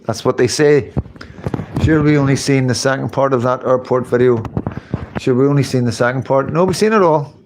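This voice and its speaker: A man's voice: medium pitch, a little fast, background noise. Rambling man, live chat. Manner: rambling, repeats phrases, swears casually. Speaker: livestream host reading chat.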